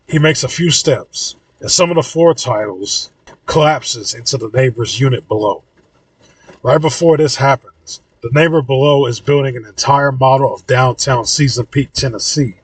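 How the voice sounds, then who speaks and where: A man reading his own audiobook in an even, low-key narration. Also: breathy edge, dry recording, distant mic, poor audio.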